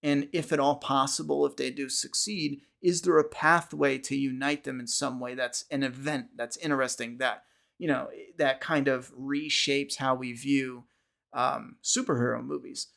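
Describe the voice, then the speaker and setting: A man's voice: medium pitch, fairly even intonation, moderate pace, vocal fry, a bit bright. A man hosting a podcast livestream, chatting casually with viewers, rambling with frequent restarts and casual swearing. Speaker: podcast host.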